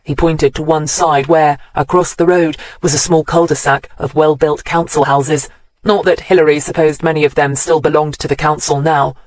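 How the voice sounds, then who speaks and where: An audiobook narrator reading a mystery novel in a measured, even storytelling manner. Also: medium pitch, no room sound, rough recording. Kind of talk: scripted narration.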